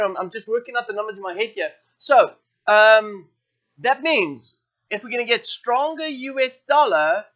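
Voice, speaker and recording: A man hosting a live trading show, thinking aloud through currency charts with many fillers and quick self-corrections. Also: high-pitched, fairly bright tone, lo-fi sound. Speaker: forex trading show host. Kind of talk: live market walkthrough.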